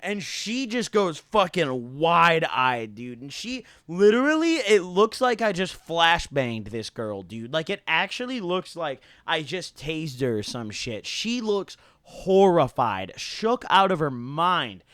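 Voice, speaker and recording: A man's voice: fairly high pitch, sing-song, slow, few pauses, a bit bright, dry recording, clean studio sound. A young man telling a rambling, slang-heavy story to his viewers, full of "like" and "dude" and casual swearing. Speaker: YouTuber.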